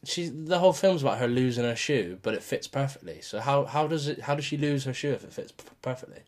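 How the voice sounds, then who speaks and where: A man's voice: medium pitch, animated, fast, darkish tone. A man co-hosting a podcast in casual chat, who laughs often while he talks. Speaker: podcast co-host.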